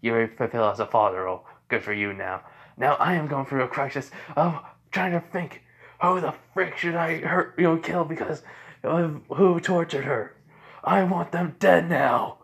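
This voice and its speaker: A man voicing a menacing male alien symbiote, a gruff killer who talks bluntly and grumbles in a casual, offhand way. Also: mid-range voice, fairly even intonation, fairly quick, a bit bright, natural voice. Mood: vengeful.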